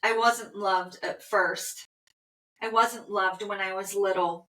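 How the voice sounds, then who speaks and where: A loving, grateful male rescue dog, anxious at heart, speaking slowly and tenderly, as a woman relays him in her own voice. The tone is bright and clear, drawn out at an unhurried pace. Her words ring out in a roomy, echoing space. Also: medium pitch, fairly even intonation. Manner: slow, tender first-person relaying. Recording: roomy echo.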